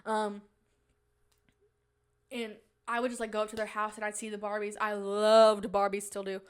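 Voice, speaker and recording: A woman's voice: mid-range voice, monotone, moderate pace, clean tone. A woman hosting a podcast in casual, rambling chat, giggly, with playful mock-indignant rants. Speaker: podcast host.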